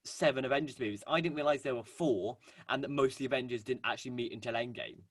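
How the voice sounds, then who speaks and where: A man's voice: medium pitch, quick pace, dry recording. A young man co-hosting a casual podcast, rambling with lots of fillers. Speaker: podcast co-host. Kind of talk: casual chat.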